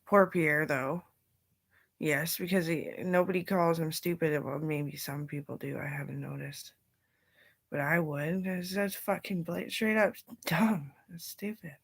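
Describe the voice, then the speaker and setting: Husky, gravelly woman rambling to herself. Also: low-pitched, fairly even intonation, unhurried. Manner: drifting, loose, often dropping to a whisper. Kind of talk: rambling casual monologue.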